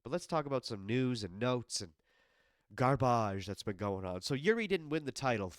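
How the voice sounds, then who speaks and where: Man, podcast host, sick, congested, swearing, animated, clear, dry. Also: mid-range voice, moderate pace, no room sound. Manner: animated, profane, talks straight to the absent fighter. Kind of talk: casual solo podcast rant. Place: home basement studio.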